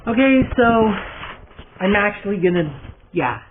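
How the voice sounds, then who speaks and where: Young guy rambling slow through a vlog, lots of ums, lively up-and-down pitch, tinny phone sound. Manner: rambling, hesitant, lots of fillers. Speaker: vlogger and fan filmmaker. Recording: tinny phone-like recording, faint hiss.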